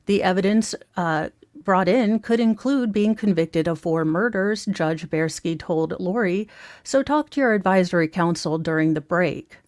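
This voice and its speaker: A woman's voice: fairly low pitch, unhurried, darkish tone, dry recording. A woman giving casual, sarcastic commentary on a trial, talking straight to her viewers in a mocking, rambling way full of asides. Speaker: true crime commentator.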